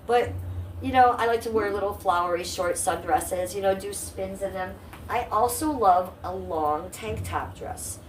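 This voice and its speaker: Streaming live from her home in Ohio, a woman with a mid-range voice chats casually with her viewers, with slight background noise in the recording. She speaks directly to chat and comes across as blunt, brash, and profane.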